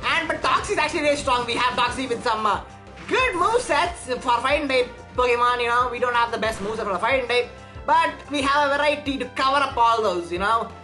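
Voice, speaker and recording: Woman game streamer, bright high voice, chatty and jittery. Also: lively intonation, fast, faint music behind. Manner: chatty, nervous, stumbles on words. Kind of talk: casual let's play commentary.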